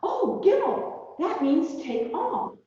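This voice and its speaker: A woman's voice: extremely high pitch, sing-song, slow pace, dark tone, voice pushed up, exaggerated voice. A woman voicing a kindly, fussing old grandmother in a storybook reading, chatty and doting. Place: large echoey church hall. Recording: distant, dull, echoey hall recording.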